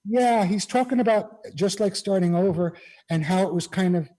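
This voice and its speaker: A man's voice: high voice, normal speed, mellow, low-quality recording. A man, a guest musician, chatting casually over a video call and telling rambling anecdotes full of "you know".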